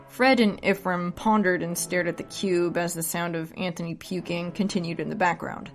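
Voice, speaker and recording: Drunk woman with a gravelly low voice. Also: fairly even intonation, normal speed, few pauses, faint music behind. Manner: loose, rambling with asides. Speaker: storyteller. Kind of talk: casual story reading. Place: at home under a blanket for sound insulation.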